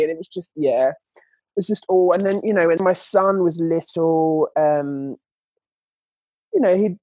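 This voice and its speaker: A woman's voice: mid-range voice, expressive, normal speed, darkish tone, breathy edge, no room sound. A young woman, telling her story as a podcast guest, chatty with lots of filler words. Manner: chatty, many "like" and "you know" fillers. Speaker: guest, children's book author. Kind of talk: candid podcast interview.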